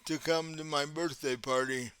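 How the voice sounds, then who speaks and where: A man voicing a composed, centuries-old vampire prince who speaks with calm courtesy, in a tabletop game. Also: fairly high pitch, smooth, no echo, natural voice. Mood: courteous. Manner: calm, courteous, unhurried host tone.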